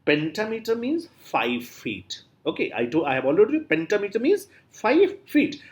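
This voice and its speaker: A man's voice: high-pitched, huge pitch swings, moderate pace. A man giving a classroom lecture, repeating example words aloud with strong stress and often saying "you know" and "uh". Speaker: literature lecturer.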